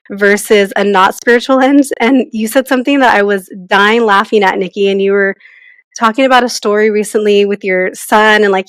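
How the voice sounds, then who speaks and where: A woman's voice: medium pitch, clean tone, dry recording, low-quality recording. A woman who co-hosts a podcast, chatting casually in a rambling way with lots of fillers. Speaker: podcast co-host.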